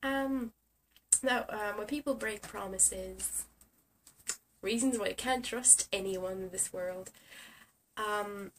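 A young woman who is sick rants sarcastically in a casual vlog, swearing often. Her medium-pitched, fairly bright voice moves slowly with long pauses, picked up by a distant camera mic with faint hiss.

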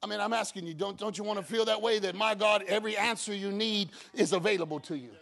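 Raspy, high-voiced preacher man. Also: fast. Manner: builds from quiet talk to shouted preaching; acts out his own prayers and God's replies. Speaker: pastor. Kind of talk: sermon.

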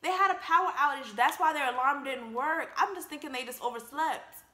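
A young woman giving casual, joking movie commentary in an emphatic, animated way. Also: sits high, fairly quick, roomy sound. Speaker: vlogger reacting to a film.

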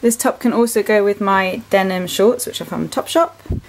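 A woman's voice: mid-range voice, normal speed, a little hiss or hum, low-quality recording. A woman in her twenties with an English accent, chatting casually in a vlog at home, rambling with plenty of ums and likes as she shows her clothes. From England. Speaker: vlogger. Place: bedroom at home.

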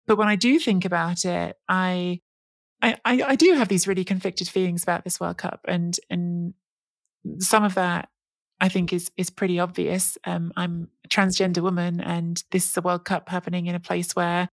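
A woman's voice: on the low side, fairly even intonation, moderate pace, no room sound. A woman co-hosting a podcast who talks in a casual, rambling way with lots of restarts. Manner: rambling, with frequent restarts and fillers. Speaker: podcast co-host.

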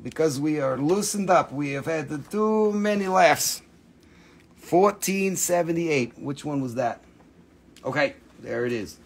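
A man's voice: a little high, animated, unhurried, gravelly, slight background noise. Playful man hosting a live sale. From Appalachian region of the United States. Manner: playful, goofy, jokey wordplay. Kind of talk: casual live auction chat.

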